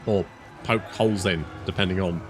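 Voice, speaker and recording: A man's voice: sits low, fairly even intonation, normal speed, over music. A man giving casual commentary while playing a strategy game, thinking aloud, restarting phrases, swearing freely and making dry jokes at his own expense. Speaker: strategy game let's player.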